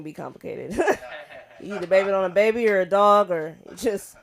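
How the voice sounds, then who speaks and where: An open mic emcee coming back on after a comic, riffing quickly and keeping the energy up. The recording carries a clear layer of background noise. The voice sits at a middling pitch. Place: comedy club open mic.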